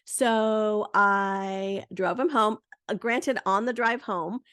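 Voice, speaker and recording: A woman in her thirties hosting a podcast, telling a story in a chatty, lively way. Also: mid-range voice, takes it slowly, clear, resonant tone, no echo, studio quality. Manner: chatty, lively, full of "like" and "you know". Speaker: podcast host. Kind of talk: casual storytelling monologue.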